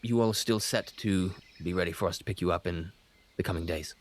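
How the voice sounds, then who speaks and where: Man doing a low-voiced ship captain, formal, measured, dutiful. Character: gruff male ship captain, calm and dutiful.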